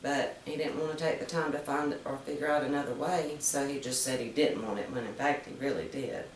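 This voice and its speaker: A woman reading fables aloud to children, gently explaining each moral with questions to her listeners. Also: a bass voice, steady tone, brisk, a little hiss or hum. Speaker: storyteller. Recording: roomy, distant mic.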